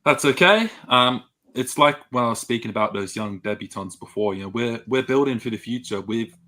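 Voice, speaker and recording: A man on a footy podcast panel, talking in a measured way with plenty of hedging fillers. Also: fairly low pitch, fairly bright tone. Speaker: guest fan panelist. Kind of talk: casual footy chat.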